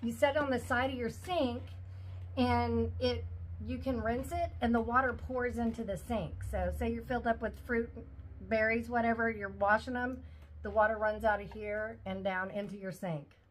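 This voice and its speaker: A woman's voice: on the high side, fairly even intonation, normal speed, slight background noise. A woman in her forties chatting casually at home as she unboxes a shopping haul, gushing over each item. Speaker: vlogger.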